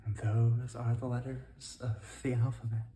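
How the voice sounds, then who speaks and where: An ASMR host softly whispering through a study session, carefully sounding out each word. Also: medium pitch, level tone, a little hiss or hum. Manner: slow, soft, carefully sounding out words.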